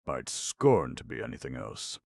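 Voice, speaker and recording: A swaggering young pickpocket, put on by a man, all boast and street slang. The voice is pushed up high and swings freely. The recording is dry and close. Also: very animated, normal speed, gravelly, darkish tone, dry recording, full character voice.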